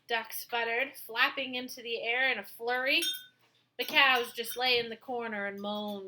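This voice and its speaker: A woman reading a children's picture book aloud with expressive storytelling. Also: fairly high pitch, measured pace, low-quality recording.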